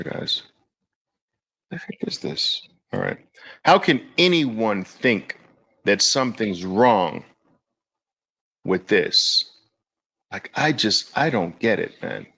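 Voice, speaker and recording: Animated, slow-talking male market host. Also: on the low side. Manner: animated, exclamatory, incredulous. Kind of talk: market commentary.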